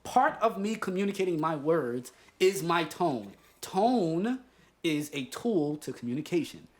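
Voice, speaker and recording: A man co-hosting a podcast in casual chat, telling a story in an animated, profane, emphatic way. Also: a little high, measured pace. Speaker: podcast co-host.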